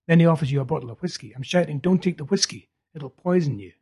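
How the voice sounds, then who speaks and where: A man reading the part of a feverish young man urgently telling a vision, in a husky voice. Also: fairly high pitch, quick pace, warm tone. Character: feverish young male prophet, intense and urgent.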